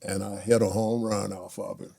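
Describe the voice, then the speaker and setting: Gravelly older man telling stories. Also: lowish voice, moderate pace, dry recording. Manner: animated anecdotes, laughs often, acts out quotes. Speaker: former pro baseball player, guest. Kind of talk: storytelling in a casual chat.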